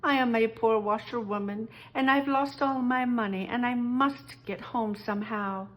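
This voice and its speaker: A woman's voice: steady tone, normal speed, dull audio, close to an everyday voice. A woman voicing a desperate, sobbing male toad who is running from the police, in a storybook read-aloud. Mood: pleading. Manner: pleading, whimpering, high-pitched.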